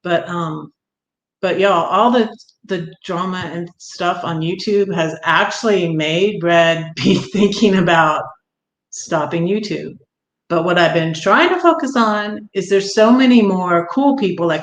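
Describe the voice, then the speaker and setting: A woman's voice: mid-range voice, a little slow, reverberant, a little hiss or hum, poor audio. An older woman, chatting casually on a livestream, greeting viewers and laughing often. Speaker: livestream vlogger.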